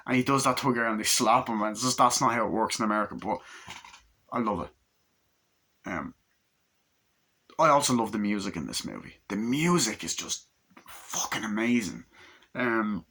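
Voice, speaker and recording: Young man in his twenties, low-pitched and bright, rambling film reviewer who swears a lot. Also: animated, moderate pace, pauses often, breathy edge. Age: 20s. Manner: rambling, enthusiastic, heavy swearing. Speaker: movie reviewer. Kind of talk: casual chat.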